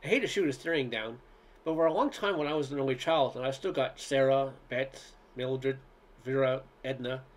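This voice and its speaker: A man reading a humorous essay aloud in a wry, unhurried storytelling manner. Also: mid-range voice. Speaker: reader.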